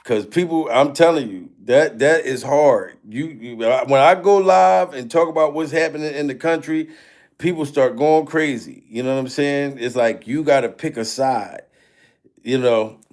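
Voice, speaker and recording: A man hosting a livestream, chatting casually, laughing often, swearing freely and shouting out donors. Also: medium pitch, moderate pace. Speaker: livestream host.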